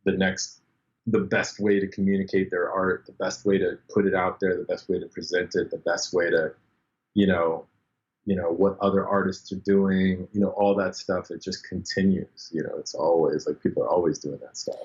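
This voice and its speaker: Low-voiced man telling stories. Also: normal speed. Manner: animated, acts out quoted voices, many fillers. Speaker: podcast guest, bass player. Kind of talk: casual storytelling interview. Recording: dull lo-fi sound.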